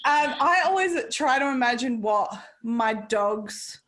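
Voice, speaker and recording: A woman's voice: fairly high pitch, expressive, takes it slowly, a bit bright, slight background noise, low-quality recording. A woman co-hosting a podcast, chatty and jokey in casual talk. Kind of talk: casual chat.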